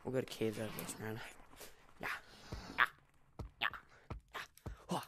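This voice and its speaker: A man's voice: lowish voice, unhurried, noisy background. A man giving casual, playful gameplay commentary as a video creator, giggling, teasing other players and sometimes dropping into whispers.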